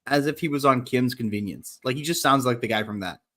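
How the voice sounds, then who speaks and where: A man's voice: medium pitch, fairly quick, pushed and bright. Opinionated man in a casual chat. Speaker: podcast guest.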